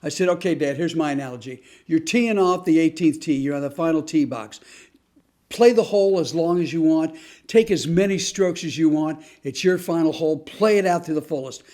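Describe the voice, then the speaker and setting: A man's voice: a little high, fairly quick, warm tone. Earnest man telling a true family story. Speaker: host. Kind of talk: motivational storytelling talk.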